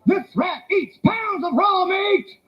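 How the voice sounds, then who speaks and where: A man voicing a loud, brash male sideshow barker who shouts hype at passers-by to pull them into a freak show. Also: very high-pitched, animated, slow pace, dull audio, voice pushed up, full character voice. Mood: hyping.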